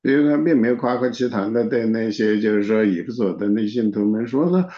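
A man's voice: on the low side, fast talker. A man interpreting a sermon, talking steadily with frequent filler particles. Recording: dull, echoey room recording.

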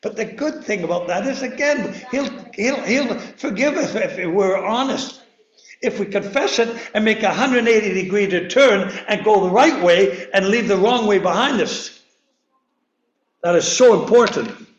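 A man's voice: high voice, lively intonation, normal speed, lo-fi sound. An older man preaching a sermon in a chapel, rambling and repeating words, laughing at himself as he goes. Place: church chapel. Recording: echoey room.

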